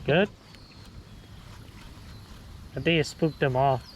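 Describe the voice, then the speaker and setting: A young man filming his fishing trip on a creek, talking casually and excitedly, repeating his exclamations and calling his friends bro and dude. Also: mid-range voice, slow. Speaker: fishing vlogger. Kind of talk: casual outdoor fishing commentary. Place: outdoors on a creek. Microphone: action camera. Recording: outdoor camera audio with loud water noise.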